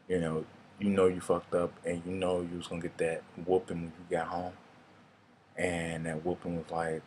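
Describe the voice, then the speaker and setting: A man's voice: low-pitched, slight background noise. A young man, telling rambling, casual stories and swearing freely in a vlog. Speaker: vlogger. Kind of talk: casual storytelling monologue.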